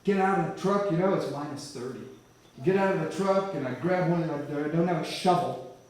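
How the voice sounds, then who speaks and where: In a church hall, a man gives a vivid, animated testimony, often restarting phrases. His fairly high voice moves a little fast, recorded from far off in the echoey hall.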